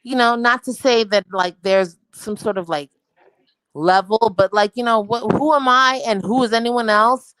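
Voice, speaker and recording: Brash young New York woman, crude rambling talker, higher voice, dry close sound. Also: moderate pace, a bit bright, clean tone, no echo, rough recording. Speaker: livestream guest. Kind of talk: casual livestream chat.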